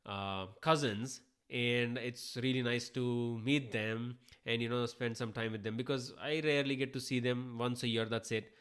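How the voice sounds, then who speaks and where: A man's voice: medium pitch, fairly bright tone, clean tone. A man from India, hosting a podcast while sick and under the weather, in a rambling, self-deprecating monologue that swears casually. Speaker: podcast host.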